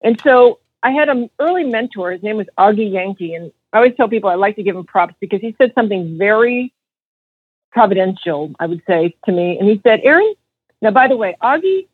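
A woman in her fifties, a podcast guest, telling her story in a lively way and acting out what others said. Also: mid-range voice, a little fast, husky, no echo. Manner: animated storyteller acting out quotes. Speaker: podcast guest, financial advisor. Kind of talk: storytelling interview answer. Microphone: phone. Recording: tinny phone line, dry.

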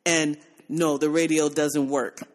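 A woman with a low voice and measured pace hosts a podcast, telling a story in casual chat. She's animated, laughs often and acts out the quotes.

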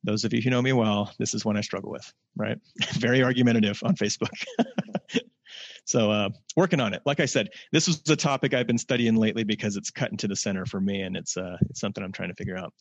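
A man teaching a casual scripture lesson, reading verses slowly and adding plain-spoken asides. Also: fairly low pitch, gravelly, no echo. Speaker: religious teacher. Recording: dull lo-fi, dry sound.

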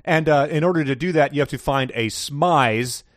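A man's voice: on the high side, moderate pace, no room sound, studio quality. A man co-hosting a casual book podcast, talking in a wry, rambling way with frequent laughs. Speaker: podcast co-host.

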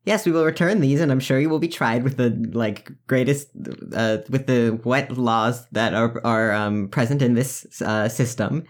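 A man's voice: medium pitch, lightly acted. A man doing a prim polite robot. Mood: formal. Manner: formal, measured, unruffled.

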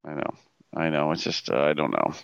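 Animated, profane man on a podcast. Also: extremely low pitch, fairly quick, gravelly, clear, resonant tone, dry recording, muffled recording. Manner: profane, laughing, animated banter. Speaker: podcast co-host. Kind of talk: casual chat.

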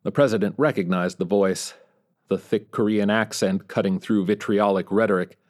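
A man with a lowish voice narrates a story in scripted fashion. His delivery is measured and steady, built for an audiobook.

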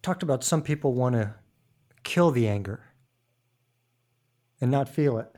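A man's voice: medium pitch, lively intonation, unhurried, darkish tone. A man hosting a podcast interview, prompting his guest in a conversational way, a bit away from the mic. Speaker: podcast host. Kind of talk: interview questions.

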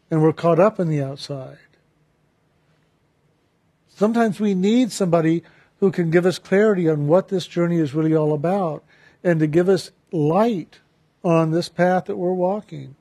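Earnest man telling a spiritual story. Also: high-pitched. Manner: calm, earnest, reflective, with slowed emphasis on key phrases. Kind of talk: personal storytelling and spiritual talk.

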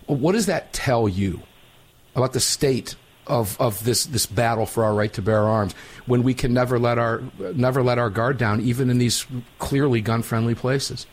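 Man, talk radio host, brash, joking, tired, mid-pitched voice. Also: moderate pace. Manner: brash, joking, repeats himself. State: tired after an overnight flight.

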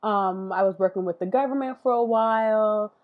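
Female interview guest, chatty maker, lots of fillers, mid-range pitch. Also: moderate pace, narrow, tinny audio. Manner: chatty, laughs often, filler-heavy. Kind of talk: casual interview chat.

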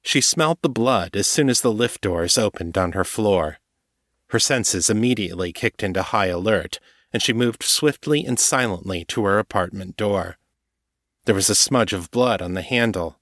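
In a steady, measured audiobook reading, a man narrates a novel in a voice on the low side. He is recorded close on a studio mic in a dry space with no room sound.

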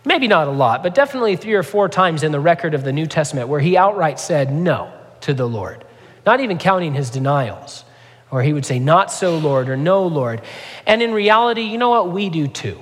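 Pastor, male, slightly high voice, earnest conversational preaching, church hall echo. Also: lively intonation, a little fast. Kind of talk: sermon.

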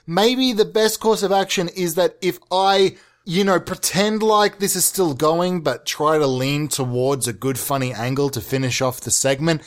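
A man's voice: a little high, normal speed. A man hosting a podcast, rambling through a comic monologue, often swearing and jumping into silly put-on bits. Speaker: podcast host.

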